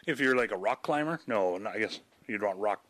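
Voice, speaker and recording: A man's voice: on the low side, lively intonation, fairly quick, a bit bright, no echo. A man co-hosting a podcast at home in casual chat, rambling and joking. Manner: rambling, jokey, puts on silly voices. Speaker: podcast co-host. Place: home, seated on a sinking chair.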